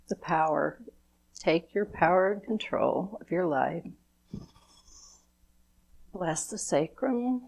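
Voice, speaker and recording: A woman leading a chakra blessing ritual as its spiritual officiant, speaking in a measured, incantatory way. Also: on the low side, a little mellow, low-quality recording. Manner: slow, measured, incantatory delivery.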